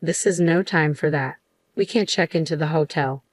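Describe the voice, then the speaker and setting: A woman's voice: deep voice, moderate pace, dry recording, studio quality. A woman voicing a smug, mocking middle-aged mother-in-law in a narrated story, with a taunting manner.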